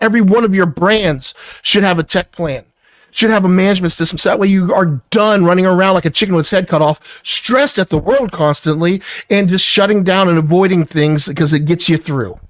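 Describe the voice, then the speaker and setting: A man's voice: sits high, no room sound. An angry man lecturing an employee in a heated work argument, swearing constantly. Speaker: business owner confronting an employee.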